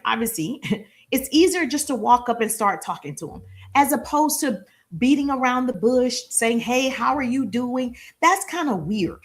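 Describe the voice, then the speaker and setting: A middle-aged woman, a sales and marketing business coach, giving an energetic live-streamed coaching talk that often acts out little dialogues. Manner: energetic, repetitive, acts out little dialogues with high-pitched voices.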